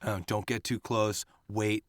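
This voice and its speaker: Animated, profane male actor telling stories. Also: lowish voice, measured pace, no echo. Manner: animated, profane, acts out quoted voices. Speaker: guest actor. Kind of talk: casual storytelling.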